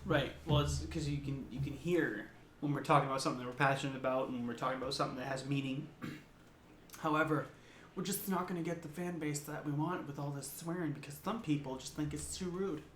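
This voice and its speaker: A man co-hosting a podcast in casual chat, telling stories in a lively way and swearing freely. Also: on the high side, brisk. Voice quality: swears a lot, animated storytelling. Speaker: podcast co-host. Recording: echoey room, faint noise.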